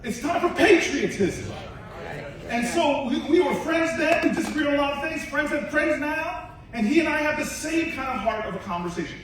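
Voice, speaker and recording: A man giving a rousing political speech at a rally, telling a story that swings from hushed to shouted calls to the crowd. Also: extremely high pitch, lively intonation, moderate pace, far from the mic. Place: large university hall with a crowd. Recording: echoey hall, mic heard from afar.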